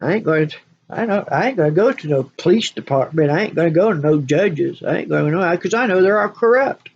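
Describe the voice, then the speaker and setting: A woman's voice: on the low side, lively intonation, a little fast, a little mellow, slightly rough. Lady vlogger going off at her viewers, repeats herself, bossy and preachy, kinda muffled audio. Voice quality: scolding, preachy, emphatic. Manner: repeats phrases, talks in bursts. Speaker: spiritual vlogger. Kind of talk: monologue rant to camera.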